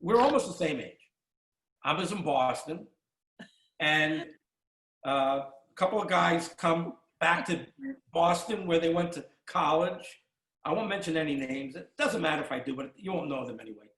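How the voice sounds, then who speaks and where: A man in his sixties hosting a casual interview, telling stories in a rambling, halting way with many restarts. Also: fairly high pitch, fairly bright tone. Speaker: podcast host. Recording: roomy echo.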